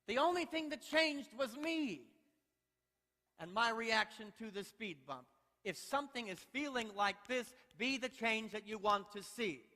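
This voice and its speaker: A male pastor preaching a sermon, playful and exhorting, telling lively stories in a church sanctuary. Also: high-pitched, measured pace. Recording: long church hall reverb.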